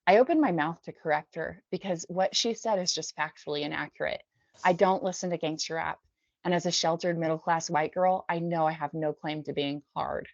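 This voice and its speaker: A woman from the Bay Area, a podcast guest, reading her memoir aloud in a measured, subdued way. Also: low voice, gravelly, dry recording. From San Francisco Bay Area. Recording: dull dry lo-fi recording.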